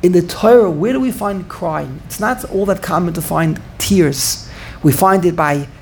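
A man giving an informal Torah class, thinking out loud and repeating phrases for emphasis while answering students. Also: high voice, unhurried, gravelly. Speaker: Torah teacher.

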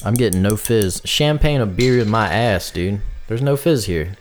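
A man co-hosting a comedy podcast, trading loud, profane, joking banter. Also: fairly low pitch, expressive, normal speed, slight background noise. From North Carolina. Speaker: podcast co-host.

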